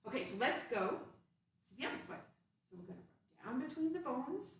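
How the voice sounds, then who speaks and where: Her voice sits high with big pitch swings at normal speed as she playfully guides kids through a movement lesson, step by step and sing-song. The mic is distant, leaving her off-mic in a very echoey room with a faint hiss.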